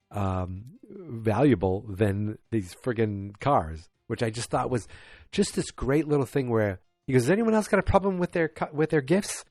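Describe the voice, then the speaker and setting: A man's voice: fairly low pitch, darkish tone, dry recording, clean studio sound. A man hosting a podcast, casually recapping an episode in a tired, rambling way, full of fillers and restarts. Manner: acts out quoted lines in a raised voice. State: tired, yawning. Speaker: podcast host.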